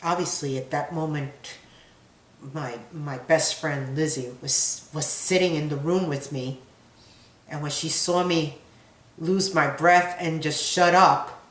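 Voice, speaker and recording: Middle-aged mother, low voice, hesitant emotional testimony, roomy echo. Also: fairly even intonation, fairly bright tone. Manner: halting, searching for words, emotional. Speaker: mother of a wounded soldier. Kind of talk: personal testimony interview.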